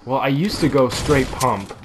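A man commentating on his own gameplay in a casual, excitable, goofy way. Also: medium pitch, noisy background. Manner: excitable and goofy, with quick bursts of exclamations. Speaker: gaming video host.

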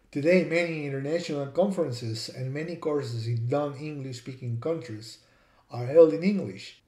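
Mellow-voiced man teaching in a roomy space. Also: medium pitch. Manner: careful, explanatory delivery with repeated word examples. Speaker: language teacher and author. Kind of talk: scripted educational narration. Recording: roomy echo.

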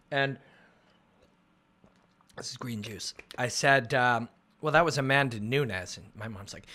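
A man hosting a casual livestream chat about fights, rambling and excitable, with lots of fillers. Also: medium pitch. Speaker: MMA analyst and show host. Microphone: phone and computer livestream.

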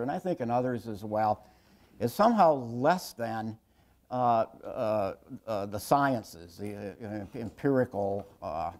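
A man's voice: medium pitch, a little mellow. Wry sixty-something man giving a lecture. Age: 60s. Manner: wry, self-deprecating, halting with restarts. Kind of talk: public lecture told through stories. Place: lecture hall with an audience.

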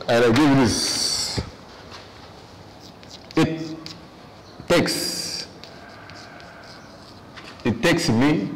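A man's voice: medium pitch, in a large hall, a little hiss or hum, rough recording. A man teaching an English review lesson, switching between English and with frequent fillers.

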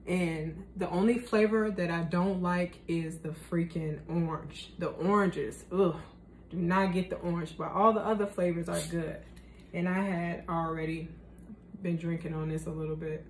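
A woman's voice: on the low side, fairly even intonation, moderate pace, darkish tone, slight background noise. A young woman chatting casually in a cooking vlog, slangy and talkative, tasting her food as she talks. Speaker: vlogger.

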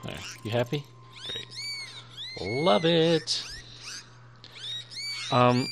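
A man's voice: mid-range voice, expressive, a little slow, pauses often, music in the background. A young man giving playful let's-play commentary, chatting to the creatures on screen as he plays. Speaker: gaming YouTuber.

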